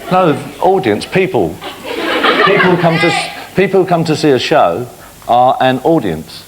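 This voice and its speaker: A man's voice: fairly high pitch, measured pace, over a noisy crowd. A middle-aged man hosting a studio show, teasing a child and spinning tall tales. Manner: teasing, spins tall tales, lively storyteller. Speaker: TV show host. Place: TV studio with a live audience. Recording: loud audience laughter and studio noise.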